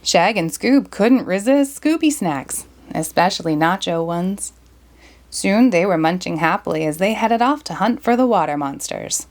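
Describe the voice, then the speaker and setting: A woman reading a children's storybook aloud in a lively, expressive way. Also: fairly low pitch, moderate pace. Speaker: storybook reader. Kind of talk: children's read-aloud narration.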